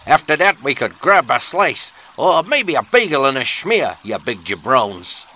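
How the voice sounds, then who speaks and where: A man's voice: mid-range voice, sing-song, unhurried, pushed and bright, heavily acted. A man voicing a brash, streetwise New York guy with a New York accent and a slangy, cocky manner.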